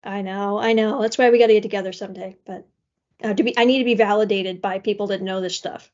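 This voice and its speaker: A woman's voice: mid-range voice, fairly even intonation, fast talker, darkish tone. A woman chatting casually on a podcast in a chatty, self-mocking way. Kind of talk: casual chat. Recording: dull lo-fi sound.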